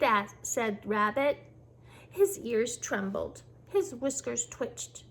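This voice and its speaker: Gentle woman reading a picture book. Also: fairly high pitch. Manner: gentle, expressive, unhurried. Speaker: storyteller reading a children's book. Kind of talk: children's book read-aloud.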